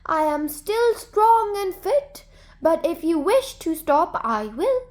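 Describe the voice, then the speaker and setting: A woman's voice: very high voice, sing-song, voice pushed up, full character voice. Woman doing a sly little trickster hare. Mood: teasing. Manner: soft, drawn-out, faraway calling voice.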